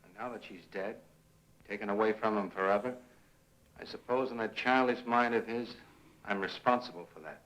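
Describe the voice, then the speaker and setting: An actor playing a worried young husband in a 1950s film, soothing and earnest. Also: male voice, fairly low pitch, moderate pace, fairly bright tone, lightly acted, poor audio. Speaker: film character.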